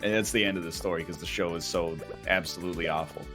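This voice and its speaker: A man with a somewhat low voice chats casually on a game stream. His commentary is dry and wry, and he reels off lists at a quick clip. Faint music plays behind him. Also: steady tone, pushed and bright. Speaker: streamer playing a farm game with his co-host. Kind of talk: casual chat while gaming.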